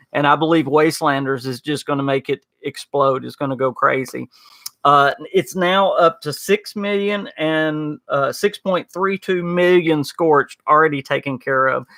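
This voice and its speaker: Southern male podcast host, folksy and chatty, bright tone, dry close sound. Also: fairly high pitch, no echo. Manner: chatty, folksy, frequent "uh" and "y'all". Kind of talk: casual podcast chat reading live chat.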